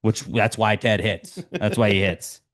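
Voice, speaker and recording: A man co-hosting a casual podcast chat, jumping up in pitch when he quotes punchy sayings. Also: a little slow. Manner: animated, jumps higher when quoting punchy sayings. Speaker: podcast co-host.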